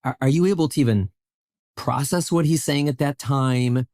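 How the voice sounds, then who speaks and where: A man's voice: mid-range voice, moderate pace, darkish tone. A man hosting a podcast interview, giving short acknowledgments and asking searching follow-up questions. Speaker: podcast host. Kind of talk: interviewer chat.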